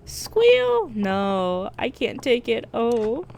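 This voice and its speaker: A woman's voice: medium pitch, expressive, measured pace, a little mellow, slight background noise, lightly acted. A woman voicing a squealing groveling pervert. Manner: pleading, squealing like a pig. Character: groveling middle-aged male masochist client. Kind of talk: reading game dialogue aloud on stream.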